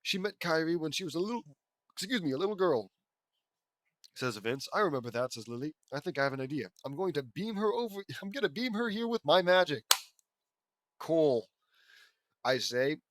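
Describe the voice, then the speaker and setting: A man with a slightly high voice reads fan fiction aloud at normal speed, very animated and pausing often. Between lines he drops mocking, wry commentary, and he gets louder for the quoted characters.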